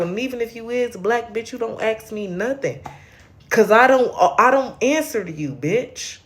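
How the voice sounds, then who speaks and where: A woman hosting a late-night livestream, ranting at viewers in a brash, profane and confrontational way while a little tipsy. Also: a little high. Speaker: livestream host.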